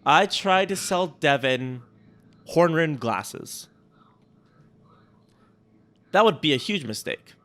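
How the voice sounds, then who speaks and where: A man's voice: on the high side, animated, slow pace, pauses often, fairly bright tone. A man from the United States co-hosting a casual podcast, rambling and self-mocking and laughing easily. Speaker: podcast co-host.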